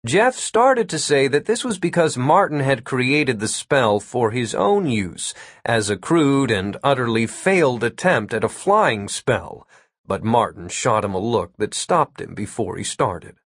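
Male audiobook narrator, mid-pitched, even pacing, dry studio sound. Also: husky, dry recording. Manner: measured, even storytelling. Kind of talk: scripted story narration.

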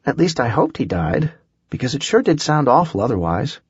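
A man's voice: mid-range voice, sing-song, moderate pace, husky, no echo, dull audio. A man voicing a tough, sarcastic young woman survivor in an audiobook, blunt and wisecracking. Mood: excited.

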